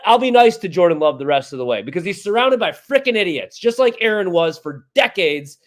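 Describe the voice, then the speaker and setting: High-pitched guy going off on sports radio, all fired up and fed up. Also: big pitch swings, fairly quick, hardly any pauses. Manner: fired-up ranting, exasperated. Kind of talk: heated sports talk. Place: radio studio.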